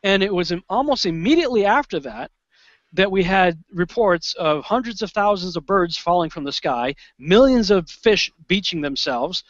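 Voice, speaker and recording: Man, interview guest, excitable storyteller, higher voice, dry lo-fi sound. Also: normal speed, dry recording. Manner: animated, excitable, with restarts and quoted asides. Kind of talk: conversational storytelling. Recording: dull lo-fi sound.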